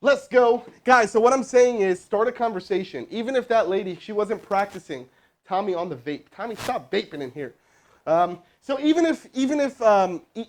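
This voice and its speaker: A man making a live cold sales call and then coaching his crew, talking casually with lots of fillers and restarts. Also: high voice. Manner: energetic, rambling, full of fillers.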